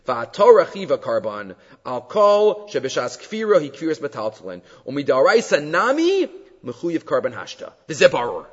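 A man teaching a Talmud lesson in an emphatic, animated way, mixing Hebrew and Aramaic terms into his English. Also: on the high side, normal speed, slightly rough. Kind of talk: Talmud study lecture. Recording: dull sound with long reverb.

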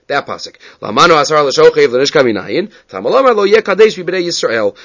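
A man's voice: on the high side, a bit bright. A man giving a Talmud class, reading Hebrew and Aramaic texts aloud and explaining them in English. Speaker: Talmud teacher. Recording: dull lo-fi recording.

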